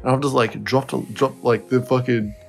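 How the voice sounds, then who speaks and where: A man's voice: medium pitch, steady tone, normal speed, faint music behind. Rambling, swearing man. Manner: rambling, heavy swearing, laughs through the story. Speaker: podcast co-host. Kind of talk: casual storytelling chat.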